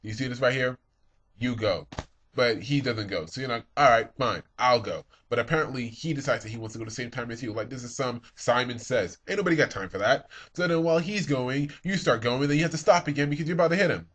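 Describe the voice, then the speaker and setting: A man's voice: mid-range voice, fast talker, a bit bright, slight background noise. A young man in a casual comedic monologue, acting out both sides of his own exchanges in raised voices. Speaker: vlogger.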